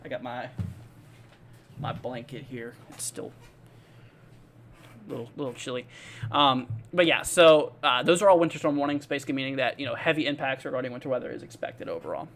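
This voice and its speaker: Expressive and a bit bright, this medium-pitched man talks fairly quickly but leaves long pauses. He's hosting a live weather stream, rambling in a friendly, relaxed way with plenty of fillers while reading and answering viewers' comments by name.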